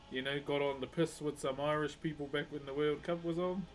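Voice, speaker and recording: Easygoing New Zealand-accented male streamer with a higher voice, warm chatty delivery, faint room ambience. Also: little pitch movement, brisk, hardly any pauses, slight background noise. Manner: laid-back, chatty, greets viewers as bro. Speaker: live-streaming woodcarver. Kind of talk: casual live-stream chat.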